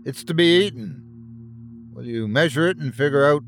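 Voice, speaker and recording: A man's voice: fairly high pitch, normal speed, fairly bright tone, slight background noise. A man playing a blunt, impatient ship captain who gives orders. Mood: commanding. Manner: commanding and impatient.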